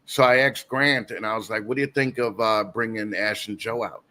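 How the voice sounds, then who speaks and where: Man, guest host, podcast chat, bright forward voice, rambling, laughs often. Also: lowish voice, fairly even intonation, normal speed. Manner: rambling storyteller, frequent restarts and laughter.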